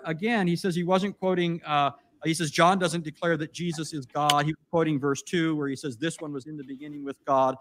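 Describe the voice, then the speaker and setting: A man's voice: high-pitched, a bit bright. A man giving a debate rebuttal, arguing emphatically, quoting scripture and Greek, with frequent restarts and fillers.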